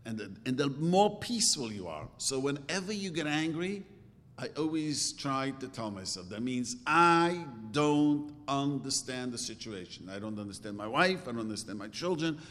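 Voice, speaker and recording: Middle-aged man preaching to a congregation, earnest and repetitive, mid-pitched, long hall reverb. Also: expressive, moderate pace, fairly bright tone. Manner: earnest, repeats phrases, asks rhetorical questions. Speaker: religious teacher. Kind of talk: sermon to a live audience.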